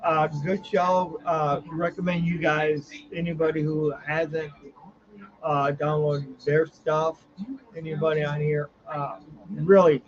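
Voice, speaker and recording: A man's voice: on the high side, flat delivery, takes it slowly, crowd noise. A man hosting a live watch party, chatting casually and rambling with lots of fillers. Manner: rambling, filler-heavy, yawning. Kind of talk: casual live game chat. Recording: dull lo-fi sound.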